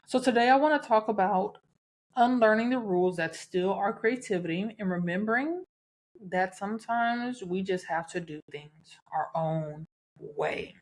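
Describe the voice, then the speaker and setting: A woman's voice: medium pitch, unhurried. Candid Southern woman podcaster. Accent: Southern American. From American South. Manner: candid, chatty, frequent laughs and cussing. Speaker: podcast host. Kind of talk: casual solo podcast talk.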